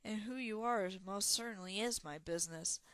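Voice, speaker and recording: A woman's voice: mid-range voice, normal speed, a bit bright, dry recording, natural voice. A woman voicing a proud, homesick young female bronze dragon who talks in a haughty, indignant way.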